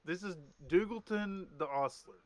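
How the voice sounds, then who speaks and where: A man's voice: high-pitched, moderate pace. A man running a streamed tabletop game as game master, casual, with many hesitant fillers and easy laughs.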